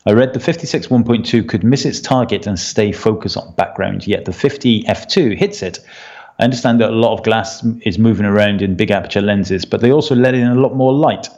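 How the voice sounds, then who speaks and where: A man's voice: on the low side, fairly quick, a little mellow, dull audio. A man co-hosting a photography podcast, explaining at length in casual chat with plenty of fillers and a firm opinion. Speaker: podcast co-host.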